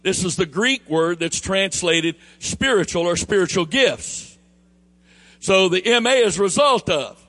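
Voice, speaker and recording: A man with a Southern US accent preaching a sermon, emphatic and building to near shouts, then easing into quieter storytelling. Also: high voice, expressive, measured pace. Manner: emphatic, rising to near shouts on key phrases; drops into a quieter storytelling tone for anecdotes.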